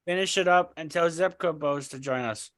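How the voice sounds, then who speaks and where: A man with a hoarse throat chatting on a podcast, blunt and teasing. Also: on the high side, normal speed, fairly bright tone, no room sound, clean studio sound. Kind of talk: casual chat.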